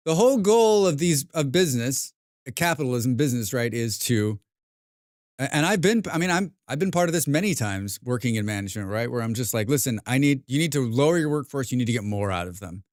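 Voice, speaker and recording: A man's voice: mid-range voice, lively intonation, brisk, no echo, clean studio sound. An American man chatting casually while streaming a game, rambling and swearing with self-mocking asides. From United States.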